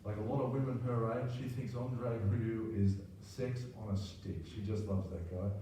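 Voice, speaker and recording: A man's voice: lowish voice, fairly even intonation, normal speed, warm tone, a little hiss or hum. An Australian man in his sixties telling a rambling, self-deprecating personal story, often tacking on "right?". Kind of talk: personal anecdote monologue. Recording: very roomy, distant mic, faint ambience.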